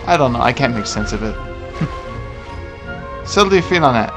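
A man's voice: mid-range voice, lively intonation, a little slow, music in the background. A young man commenting casually on his gameplay, joking, laughing and swearing. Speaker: let's play commentator.

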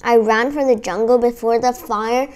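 A woman reading a children's adventure book aloud, expressive, with small restarts now and then. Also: fairly high pitch, moderate pace. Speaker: audiobook reader. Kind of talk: children's audiobook read-aloud.

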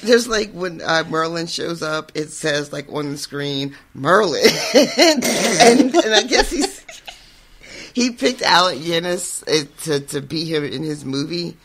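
A man's voice: fairly high pitch, lively intonation, takes it slowly, a bit bright. A man co-hosting a podcast, summarizing book chapters in a rambling way, with frequent laughter and fillers. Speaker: podcast co-host. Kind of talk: casual book discussion chat.

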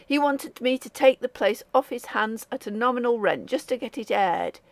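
A woman reading a storybook voicing an excitable young male artist with a ringing voice, talking eagerly and impatiently. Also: on the high side, moderate pace, no room sound, voice pushed up.

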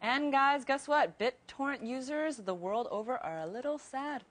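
A woman's voice: high voice, normal speed, a bit bright, slight background noise. Bubbly woman reading tech news. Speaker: news segment presenter.

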